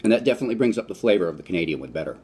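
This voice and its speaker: A man's voice: sits low, expressive, rapid-fire, a little mellow, slight background noise. A man from the United States giving a casual, rambling food review vlog, with fillers and restarts. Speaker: vlogger.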